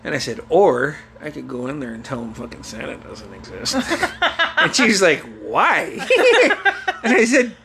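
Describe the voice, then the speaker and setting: A young man in casual chat with a lively, swooping pitch, telling a story and swearing freely. He acts out the people in it loudly and laughs through it. A faint hum of ambience sits under the voice. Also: unhurried, gravelly.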